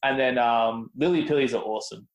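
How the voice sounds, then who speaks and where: A laid-back man chatting as a guest, easygoing and jokey. His voice sits at a middle pitch for a man. He fills his talk with ums and you-knows. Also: fairly quick, highs cut off. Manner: laid-back, joking, many fillers. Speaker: podcast guest, cooking contestant. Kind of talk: casual chat.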